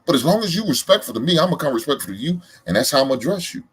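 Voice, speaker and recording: Animated husky Southern man. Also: fairly high pitch, very fast. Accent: Southern American. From American South. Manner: animated, emphatic, loud laughs. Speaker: reaction show host. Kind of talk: casual reaction commentary.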